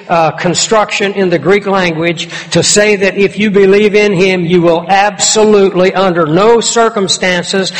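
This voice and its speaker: High-voiced man preaching in a reverberant hall. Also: fairly bright tone. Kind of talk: expository sermon.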